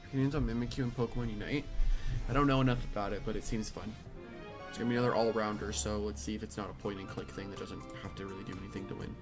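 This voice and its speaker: A tired young man with a slightly low voice, reading chat questions aloud and answering them in a flat, offhand way. Clear game music plays behind him throughout. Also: rapid-fire. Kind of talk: casual live-stream chat.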